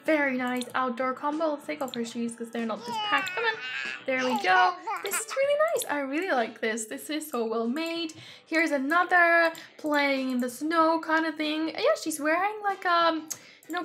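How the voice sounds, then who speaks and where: A young woman reviewing a video game in excitable, gushing commentary, often gasping with delight. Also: high-pitched. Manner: gushing and excitable, frequent gasps. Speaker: gaming YouTuber.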